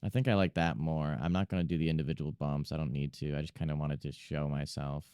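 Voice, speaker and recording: A man's voice: rumbling low, little pitch movement, quick pace, warm tone, clear, resonant tone, dry recording, clean studio sound. A young man streaming from home, chatting casually and self-mockingly to himself and his chat while he draws.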